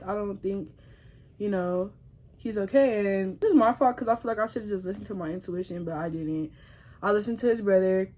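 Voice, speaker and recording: A young woman telling a personal story to her viewers in a casual vlog. She talks in slang, addresses the audience directly and often drops to a soft, tearful voice. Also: mid-range voice, slight background noise.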